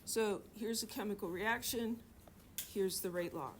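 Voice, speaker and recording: A middle-aged woman lectures a chemistry class at a measured pace in a mid-range voice, with slight background noise. She's chatty, cracks jokes, and keeps putting questions to the students.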